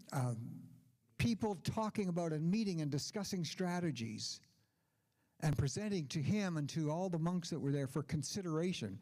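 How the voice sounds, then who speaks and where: An older man with a slightly high, somewhat mellow voice delivers a conference keynote speech. He tells anecdotal stories peppered with asides.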